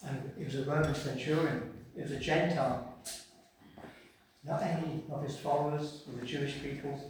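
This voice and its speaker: Male preacher, dramatic sermon delivery, slightly high voice, heard from afar in a reverberant hall. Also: fairly even intonation, moderate pace, slight background noise. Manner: dramatic, swings from hushed to loud. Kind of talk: sermon with scripture reading. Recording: echoey hall picked up from a distance.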